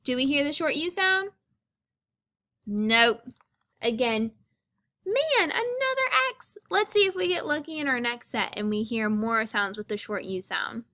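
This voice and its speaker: A woman's voice: high voice, pushed and bright. A woman teaching a phonics lesson to young children, stretching out each sound and asking encouraging questions. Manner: slow, drawn-out sounding out of words; encouraging, sing-song questions.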